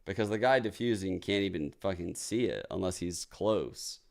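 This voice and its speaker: A man's voice: low voice, normal speed, gravelly. A man co-streaming an esports match, reacting with hyped, profane casual commentary. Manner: excitable, swears often, hyped reactions. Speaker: watch party co-streamer.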